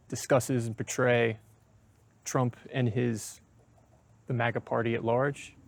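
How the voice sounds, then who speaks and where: A man speaking as a guest in a casual conversation, measured and thoughtful as he works through ideas. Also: medium pitch, gravelly. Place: outdoors on a college campus.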